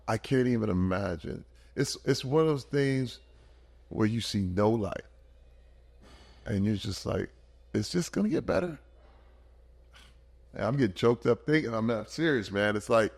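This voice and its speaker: A man in his fifties, a podcast guest, telling stories in an emphatic, animated way in casual conversation. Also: medium pitch, vocal fry. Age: 50s.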